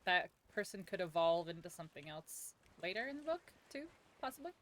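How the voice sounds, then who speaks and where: A woman's voice: fairly low pitch, very animated, brisk. A woman on a stream, chatting casually, reading chat messages and chiming in with short agreements.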